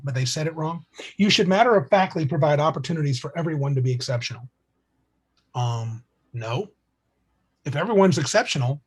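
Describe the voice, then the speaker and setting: Husky higher-voiced man chatting on a podcast. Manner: reads quotes aloud, agreeable, quick interjections. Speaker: podcast co-host. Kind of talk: casual podcast chat.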